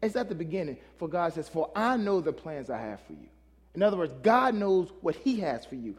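A man's voice: fairly high pitch, very animated, a little fast. A male pastor preaching a sermon in a loose, conversational way, often calling out questions to the congregation. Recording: long hall reverb.

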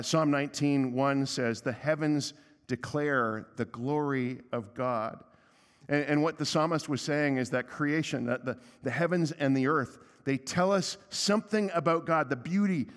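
A man preaching a sermon as pastor, conversational and emphatic, with a humorous aside and a softer voice when he prays. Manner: softer and lower for prayer. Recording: long reverb of a church hall.

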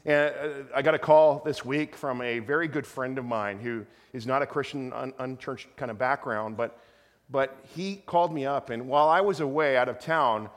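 A middle-aged man pastor telling a rambling, animated story in a sermon, with many restarts. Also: mid-range voice, normal speed. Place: church sanctuary. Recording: long hall reverb.

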